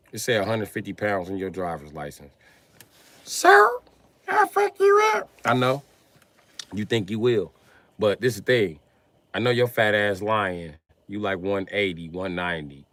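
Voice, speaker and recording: A man's voice: lowish voice, a bit bright, no room sound. A man doing a profane, mocking comedy rant on a live stream, often laughing as he talks.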